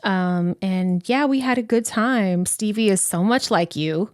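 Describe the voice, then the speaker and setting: A woman's voice: mid-range voice, measured pace, darkish tone, smooth, dry recording. Chatty woman, dry mic. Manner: chatty storytelling, lots of fillers and swearing. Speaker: podcast co-host. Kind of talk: casual chat.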